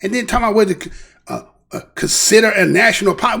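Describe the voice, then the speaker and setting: A man's voice: high-pitched, fast, vocal fry, pushed and bright, slightly rough. A man hosting a casual commentary show, talking in a heated way and firing off repeated rhetorical questions.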